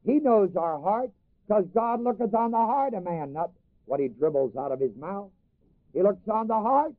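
High-voiced preacher on a tinny line. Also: male voice, expressive, moderate pace, no room sound. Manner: reads scripture in old King James wording, then explains it to the congregation; repeats phrases for emphasis and asks the audience to finish lines. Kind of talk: sermon. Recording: dry, phone-like recording.

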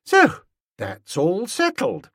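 A storybook reader voicing an imperious, scheming young woman who talks fast and bosses everyone around. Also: mid-range voice, huge pitch swings, creaky, a bit bright, no room sound, studio quality, voice pushed up, exaggerated voice. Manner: bossy, fast and breathless.

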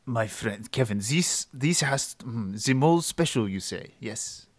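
A man's voice: mid-range voice, lively intonation, unhurried, no echo. A man playing a tabletop role-playing game, laughing often and stumbling over words. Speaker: player.

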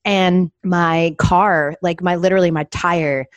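Animated young woman spinning anecdotes. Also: measured pace, no room sound, dull audio. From Atlanta, US. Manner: animated, acts out her dad's voice with big pitch jumps. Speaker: sports TV anchor, podcast guest. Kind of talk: casual storytelling chat.

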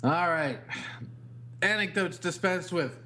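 A man in his thirties co-hosting a casual comedy podcast, telling profane stories about his daughter in an animated way. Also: high voice, slow pace, a little hiss or hum. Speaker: podcast co-host.

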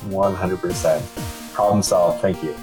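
A man's voice: low voice, fairly even intonation, unhurried, over music, low-quality recording. A man co-hosting a casual podcast, bantering and laughing easily. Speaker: podcast co-host.

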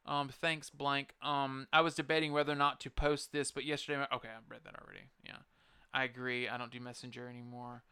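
A man's voice: medium pitch, level tone, fairly quick, sharp tone, smooth, no echo. A man hosting a podcast, ranting in a casual, profane, rambling and emphatic way into a close microphone. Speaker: podcast host. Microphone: close podcast mic.

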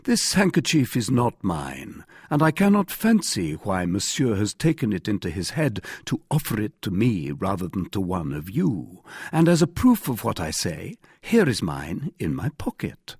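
Man reading as young male musketeer, coolly polite, lively pitch, close dry sound. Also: normal speed, hardly any pauses, husky, dry recording, heavily acted.

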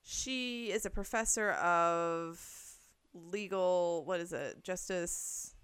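A woman's voice: on the low side, takes it slowly, a bit bright, clear, resonant tone. A woman co-hosting a casual chat, explaining her view at length with plenty of fillers and the odd swear word. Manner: chatty, talks it through with fillers and swearing. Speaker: podcast co-host.

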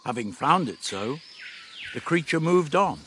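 A man's voice: on the high side, big pitch swings, measured pace, a bit bright, slight background noise. A man reading a story aloud as an audiobook narrator. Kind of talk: scripted narration.

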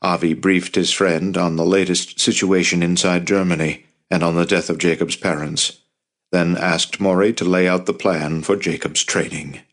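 His voice sits low as he works through a scripted audiobook passage, and the telling is paced and even.

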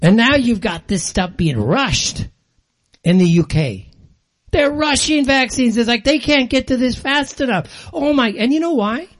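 A man's voice: extremely high pitch, sing-song, measured pace. An older man hosting a show, delivering an angry, sarcastic monologue in blunt, ranting commentary. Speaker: show host.

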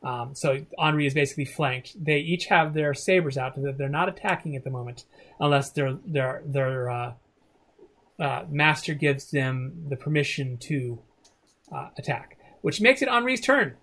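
A game master narrating a tabletop game in a hesitant way, with frequent pauses and restarts. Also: mid-range voice, a bit bright. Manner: hesitant, many fillers and restarts.

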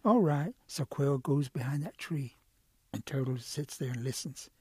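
A man telling a traditional animal folk tale in a relaxed, rhythmic way. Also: medium pitch, moderate pace, breathy edge, no echo, studio quality. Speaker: storyteller. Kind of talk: traditional oral storytelling.

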